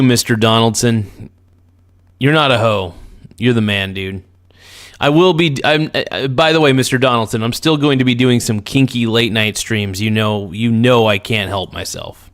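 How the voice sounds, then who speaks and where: A man hosting a casual livestream, joking and teasing his chat viewers in a deep radio announcer voice. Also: unhurried, fairly bright tone. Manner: joking, teasing, breaks into crooning song. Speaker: livestream host.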